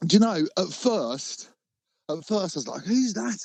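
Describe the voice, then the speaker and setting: A man's voice: fairly high pitch, very animated, normal speed, vocal fry, dry recording. A man chatting on a phone call, laughing and swearing his way through friendly banter. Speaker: prank call target. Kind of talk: casual phone chat.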